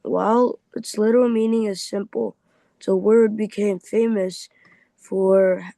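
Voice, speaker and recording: A man's voice: high voice, fairly even intonation, measured pace, creaky, warm tone, no room sound, poor audio. A man reading aloud in a Bible class, stumbling over words and restarting often.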